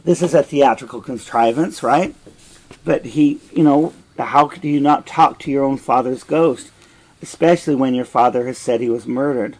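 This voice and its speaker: A man's voice: mid-range voice, normal speed, darkish tone, low-quality recording. A man teaching a play line by line, retelling it in blunt, frank plain words.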